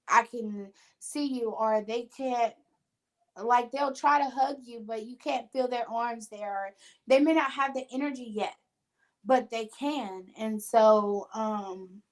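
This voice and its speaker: A woman hosting a casual talk show as a spiritual medium, telling earnest, emotional stories and quoting the voices of others. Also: fairly high pitch. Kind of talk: casual podcast conversation.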